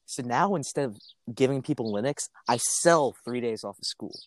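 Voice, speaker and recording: Teen boy guest, rambling chatter, lively pitch, lots of laughing. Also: moderate pace. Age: teens. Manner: rambling, laughing, restarts often. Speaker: podcast guest. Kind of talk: casual chat.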